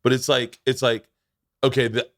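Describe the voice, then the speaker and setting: A man's voice: mid-range voice, moderate pace, no echo, clean studio sound. A man hosting a podcast in casual chat, telling stories with lots of swearing and acting out the people in them. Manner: animated storyteller, swears a lot, acts out voices in anecdotes. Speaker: podcast host.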